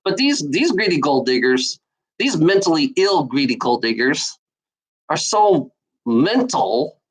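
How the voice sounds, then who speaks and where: A woman who drives a truck, ranting to camera in a profane, repetitive way, restarting her sentences and swinging between high and low pitch. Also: sing-song, unhurried, breathy edge, low-quality recording.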